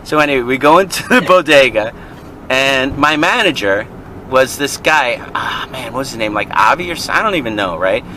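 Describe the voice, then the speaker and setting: A man's voice: medium pitch, lively intonation, normal speed, bright, forceful tone, poor audio. A man co-hosting a vlog, chatting casually from a car in traffic, rambling through a story and laughing often. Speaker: vlog co-host. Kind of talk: casual chat while driving.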